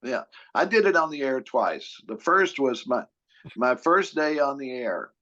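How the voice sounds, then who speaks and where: An older man, a retired radio newscaster, hosting a podcast in a relaxed, conversational way. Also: medium pitch, measured pace. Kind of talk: casual chat. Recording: dull lo-fi sound.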